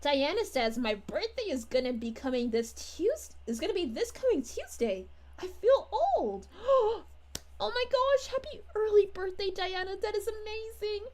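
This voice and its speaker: A woman's voice: extremely high pitch, very animated, measured pace, a little mellow, exaggerated voice. A woman voicing a sweet, bubbly young princess who chats with her livestream audience, gushing and giggly in a sing-song way. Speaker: character streamer reading chat. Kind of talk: in-character livestream chat.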